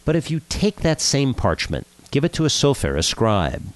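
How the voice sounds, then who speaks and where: A man's voice: mid-range voice, moderate pace, dry recording. A man from Southern California hosting a radio show, telling jokes and giving a short Torah talk. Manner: lively, animated storytelling.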